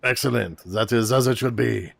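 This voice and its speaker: A man voicing a young male hero as a pompous proletariat revolutionary with a deliberately bad French accent. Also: mid-range voice, vocal fry, no room sound. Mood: grandiose. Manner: grandiose, declamatory, talks to enemies. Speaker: game commentator. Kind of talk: let's play voice role-play.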